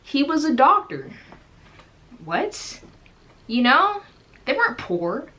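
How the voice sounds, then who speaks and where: A young woman from the United States giving casual reaction commentary, animated and full of rhetorical questions. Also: sits high, slow pace.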